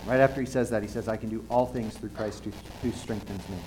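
A man preaching a conversational sermon in an earnest, halting way, often restarting his sentences. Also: lowish voice, steady tone, background noise.

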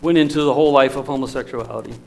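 A man preaching a sermon, telling stories in an emotional, storytelling manner with lively swings in loudness. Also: medium pitch, rapid-fire, vocal fry, slight background noise, poor audio.

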